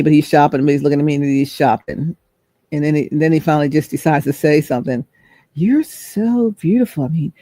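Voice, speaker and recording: Mellow, gravelly-voiced woman telling a story. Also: sits low, no room sound. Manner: chatty, rambling, searches for words. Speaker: host. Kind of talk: storytelling vlog.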